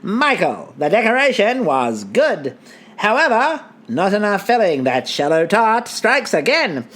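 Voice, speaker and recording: A woman's voice: medium pitch, big pitch swings, a little slow. A woman putting on a hammy 1920s radio announcer voice, making grand proclamations with sarcastic asides. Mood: sardonic.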